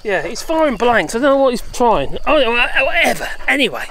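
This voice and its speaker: A woman rants on a casual vlog while out walking her dogs, exasperated and sarcastic with a chatty tone. Her voice sits high and swings widely in pitch. It is recorded on a phone or camera she holds as she walks. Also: sing-song, a little fast, a bit bright, a little hiss or hum. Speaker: vlogger. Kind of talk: ranting political vlog.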